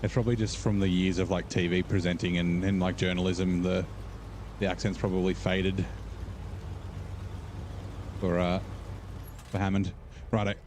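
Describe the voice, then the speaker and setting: A man's voice: low voice, level tone, normal speed, pauses often, darkish tone, a little hiss or hum. A man casually chatting to his stream while playing a game at home, rambling and thinking aloud. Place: room at home.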